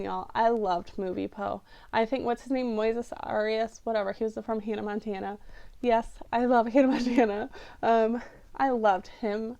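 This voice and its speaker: A woman's voice: fairly high pitch, gravelly. A young woman chatting to camera as a book vlogger, rambling and emotional. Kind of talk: casual chat to camera.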